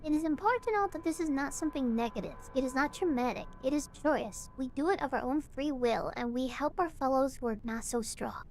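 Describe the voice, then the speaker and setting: A woman voicing a solemn cult leader who gives a slow, grave farewell sermon while she reads game text aloud. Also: sits high, lively intonation, darkish tone, a little hiss or hum, voice pushed down. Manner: slow, grave, preaching delivery.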